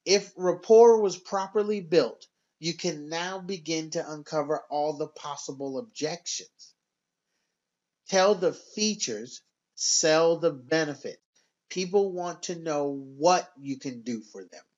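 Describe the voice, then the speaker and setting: A man giving a scripted sales training narration in an instructive, measured and emphatic way. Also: on the high side, darkish tone, muffled recording.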